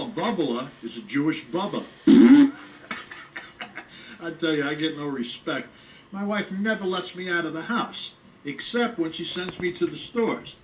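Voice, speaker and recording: A comedian with a somewhat high, slightly bright voice delivers a rambling comic monologue straight to camera, brash and packed with groans, asides and complaints. The recording is rough, with a distant mic and slight background noise.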